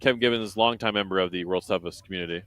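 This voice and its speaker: Male live race commentator, somewhat low voice, relaxed chatty delivery. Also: rapid-fire. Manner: chatty, reads out standings and viewer comments. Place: commentary booth at an outdoor race event.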